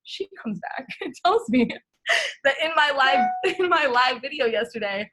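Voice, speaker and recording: A woman's voice: high-pitched, expressive, moderate pace, low-quality recording. A young woman chatting casually on a video call, telling a funny story with lots of laughter and casual swearing. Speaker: guest coach.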